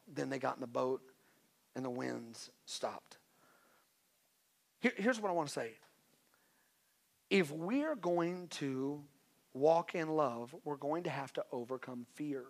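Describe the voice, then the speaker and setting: A man preaching a sermon in a conversational way, with joking asides and swings from quiet to loud. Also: on the high side, expressive, a little slow, vocal fry, pauses often. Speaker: pastor.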